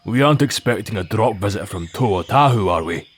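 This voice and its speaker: A man voicing a bold, reckless male guard captain with a husky, determined voice, in an audio drama. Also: on the low side, lively intonation, brisk. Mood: calm.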